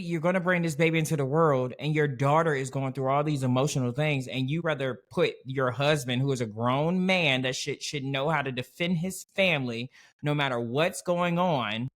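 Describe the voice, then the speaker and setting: A man's voice: a little high, moderate pace. A man co-hosting a podcast who speaks expressively and questions what he has seen. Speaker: podcast co-host. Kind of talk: casual recap chat.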